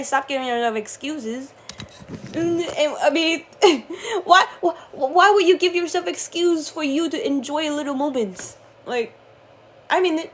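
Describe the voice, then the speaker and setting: A young woman talking casually to her viewers, drifting between soft dreamy musing and laughing, swearing frustration. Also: high-pitched, lively intonation, unhurried. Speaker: spiritual channeler vlogger.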